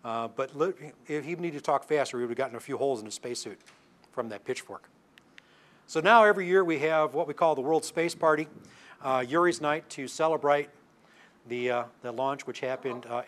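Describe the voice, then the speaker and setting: A man's voice: medium pitch, fairly bright tone. An older man giving a public science talk, telling anecdotes with asides and restarts. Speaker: lecturing astronomer.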